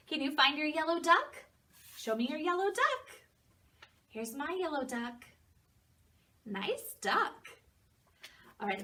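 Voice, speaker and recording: Bright, high-voiced preschool teacher. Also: female voice, distant mic. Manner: gentle, encouraging, sing-song story phrasing. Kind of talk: preschool lesson for young children.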